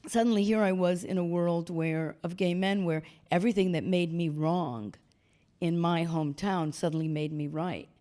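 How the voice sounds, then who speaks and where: Older lady on stage spinning stories, lowish voice, bounces into other people's voices. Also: moderate pace. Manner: animated storyteller acting out quoted voices. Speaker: guest speaker. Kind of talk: storytelling talk. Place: stage talk before an audience.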